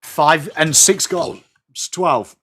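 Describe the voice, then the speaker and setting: An English man with a high, bright, sharp-edged voice hosts a live watch-along stream. He calls the play as it happens, then drops into chatty replies to his viewers. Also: slow. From England. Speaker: livestream host.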